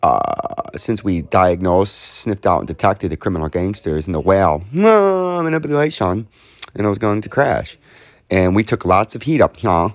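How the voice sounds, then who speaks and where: A man's voice: low-pitched, expressive, normal speed, no room sound. A man hosting casual chart commentary, rambling with jokes and repetitive riffs. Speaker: host.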